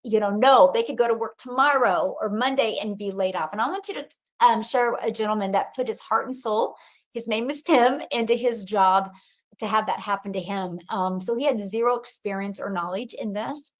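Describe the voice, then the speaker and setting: A woman's voice: mid-range voice, moderate pace. A woman hosting a live webinar, encouraging and upbeat as she presents. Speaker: host and program coach.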